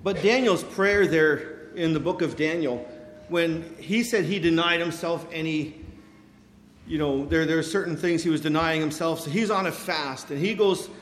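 A man giving a sermon, telling stories with lively quoted voices and frequent fillers like "you know". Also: fairly high pitch, normal speed, a little hiss or hum. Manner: animated storytelling with quoted voices, many fillers. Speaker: preacher. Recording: echoey hall with long reverb.

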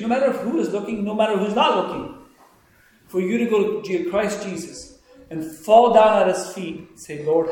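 A man preaching a sermon who swings between hushed, quiet pleading and loud, excited storytelling. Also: sits high. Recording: very echoey room, faint noise.

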